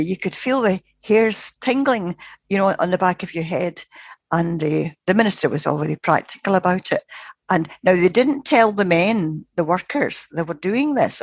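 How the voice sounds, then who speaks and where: A woman's voice: on the low side, no room sound. An older woman, a guest researcher, telling a story in a vivid, dramatic way with frequent restarts. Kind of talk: conversational storytelling.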